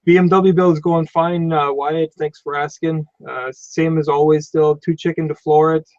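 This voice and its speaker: A middle-aged man with a southern German accent chats casually on a live stream, pausing and restarting as he thinks. His voice sits somewhat high for a man. The sound is dry and slightly dull, like a home computer mic. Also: little pitch movement, no echo. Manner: unhurried, hesitant, many fillers and restarts. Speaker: mechanic hosting a live stream.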